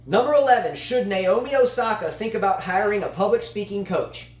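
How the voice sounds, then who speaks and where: A man's voice: high voice, expressive, brisk, echoey room. A man co-hosting a casual tennis chat show, a long-winded, playful storyteller. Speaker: tennis channel co-host.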